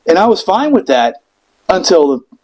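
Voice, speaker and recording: A man telling a personal story in casual podcast chat, animated and profane, acting out the people in it. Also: high voice, moderate pace, low-quality recording. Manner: animated, profane, acts out voices in quotes.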